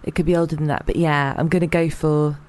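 A woman's voice: low-pitched, little pitch movement, fast, darkish tone. A woman as a podcast guest, joking dryly and laughing along in casual chat. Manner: dry, wry jokes with laughter.

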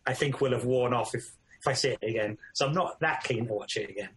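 Mid-pitched man, thoughtful and unhurried in loose, casual chat. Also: a bit bright, a little hiss or hum. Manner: thoughtful, hesitant, loose phrasing. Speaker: film discussion co-host.

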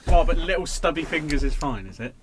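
A man's voice: on the high side, expressive, quick pace. A man co-hosting a breakfast radio show, protesting and laughing along with the banter. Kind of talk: bantering studio chat. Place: radio studio.

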